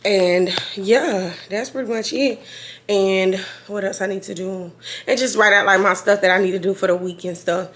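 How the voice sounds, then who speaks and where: A woman, chatting casually to camera as a vlogger in a rambling way full of slang, her voice a little hoarse. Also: medium pitch, steady tone, moderate pace, fairly bright tone. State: slightly hoarse after being sick.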